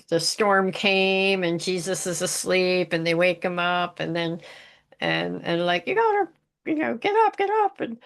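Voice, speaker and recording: A woman hosting a faith podcast in casual conversation, animated and laughing often, acting out voices as she tells stories. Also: fairly low pitch, gravelly, smooth. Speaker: podcast host.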